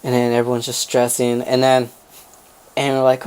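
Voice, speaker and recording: Young man telling a lively story. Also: medium pitch, moderate pace, long pauses, slight background noise. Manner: animated, acts out family members' voices, swears freely, laughs mid-story. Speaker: podcast co-host. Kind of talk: casual storytelling chat.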